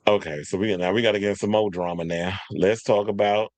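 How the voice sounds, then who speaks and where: A man hosting a casual commentary show, talking in an animated way and mocking others through quick impressions. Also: on the low side, no room sound. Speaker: podcast host.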